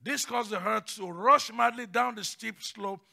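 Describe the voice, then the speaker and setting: A male pastor preaches with passion, dropping to near-whispers before bursting into shouts. His voice sits high and sounds gravelly. The tone is very bright and cutting. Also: unhurried. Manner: passionate, swings from hushed to shouting. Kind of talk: sermon.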